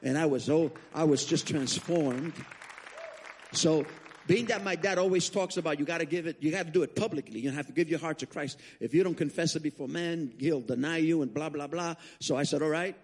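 A man preaching as a guest speaker, telling his testimony as an animated story with frequent restarts. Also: on the high side, fairly quick, breathy edge, a faint crowd. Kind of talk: sermon testimony.

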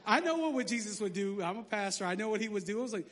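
A man pastor preaching a lively sermon, joking and sarcastic between scripture readings. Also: sits high, rapid-fire.

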